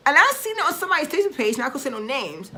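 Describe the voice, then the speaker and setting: A woman's voice: high voice, very animated, racing, sharp tone, a little hiss or hum. A woman vlogger ranting to camera in a casual, blunt and profane way, with emphatic bursts and frequent restarts.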